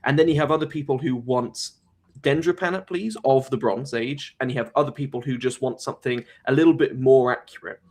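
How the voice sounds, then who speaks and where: Guy hosting a live stream, middle pitch, measured and opinionated, breaks things down carefully. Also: darkish tone. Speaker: host.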